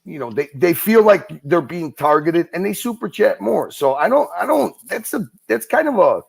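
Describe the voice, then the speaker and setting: A man's voice: sits high, big pitch swings, normal speed, creaky, breathy edge. A man co-hosting a livestream, rambling and swearing as he banters and laughs. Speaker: livestream co-host.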